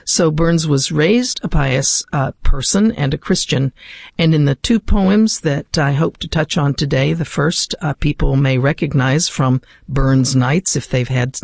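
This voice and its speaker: A man's voice: medium pitch, unhurried, gravelly, dry recording, studio quality. An American man speaking thoughtfully with frequent fillers, explaining a poem and then reciting it. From United States. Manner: thoughtful, hesitant with many fillers. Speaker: literature guest.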